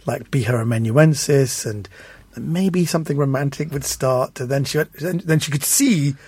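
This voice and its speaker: A man, a comedian guest, telling anecdotes in an animated way in casual chat and acting out the voices he quotes. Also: medium pitch, moderate pace, slightly rough, no room sound.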